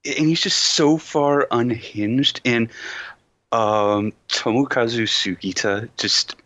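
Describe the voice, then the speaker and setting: A man's voice: mid-range voice, a bit bright, no echo. A man co-hosting a podcast, chatting casually and often restarting his sentences. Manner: halting, repeats words as he starts. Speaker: podcast co-host. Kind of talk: casual chat.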